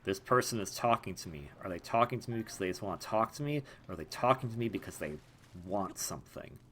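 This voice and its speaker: A man's voice: lowish voice, lively intonation, quick pace, fairly bright tone, a little hiss or hum. A young man giving casual let's-play commentary, rambling and self-deprecating, with frequent restarts and laughs. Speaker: gaming video host.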